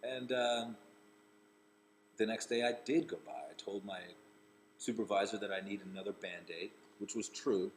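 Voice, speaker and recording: A comedian and actor from Rhode Island with a low voice tells a personal story loosely and casually, rambling and restarting phrases as he circles back. His intonation stays fairly even at a normal speed, and the poor audio carries a faint hiss.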